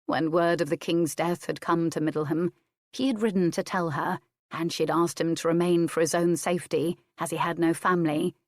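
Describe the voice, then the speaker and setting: A woman reading a historical romance audiobook in a steady, measured way. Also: fairly low pitch, no room sound, studio quality. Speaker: audiobook narrator. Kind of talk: scripted narration.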